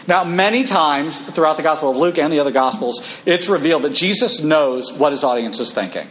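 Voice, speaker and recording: A man delivers a sermon in a church, his voice sitting a little high for a man. He moves between reading scripture and casual, animated asides to his listeners. Faint ambient noise sits behind him. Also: rough recording. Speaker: preacher.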